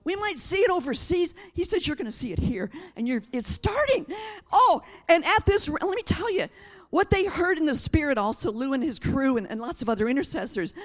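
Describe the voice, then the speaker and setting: A middle-aged woman preaching a sermon, impassioned and emphatic, rising to shouts and then dropping quiet and tearful. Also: high-pitched, animated, a little fast. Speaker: pastor.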